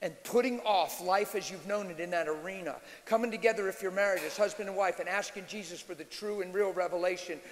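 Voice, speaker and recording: A man preaching a sermon as a pastor, moving from hushed storytelling to shouted, animated exhortation. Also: sits high. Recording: long hall reverb.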